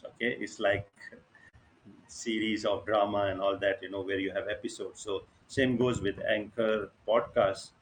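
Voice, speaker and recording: A fairly low-voiced man teaches over a video call, with a light hiss of room noise underneath. He talks in a halting, casual way, filling pauses and checking that the group keeps up. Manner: halting, many fillers, checks in with listeners. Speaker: online workshop instructor. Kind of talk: casual live teaching over screen share.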